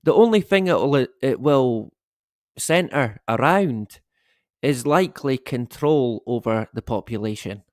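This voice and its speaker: Chatty guy streaming live from home, slow drawn-out talk, dry sound, keeps chuckling. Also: medium pitch, animated, darkish tone, no echo. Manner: rambling, chatty, greets viewers, chuckles often. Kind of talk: casual live-stream chat. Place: at home, dog snoring behind him.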